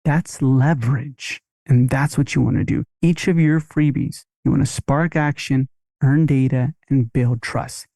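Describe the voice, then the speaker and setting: Gravelly upbeat man coaching marketing. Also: medium pitch, fairly even intonation, unhurried, warm tone, dry recording, studio quality. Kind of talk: podcast marketing lesson.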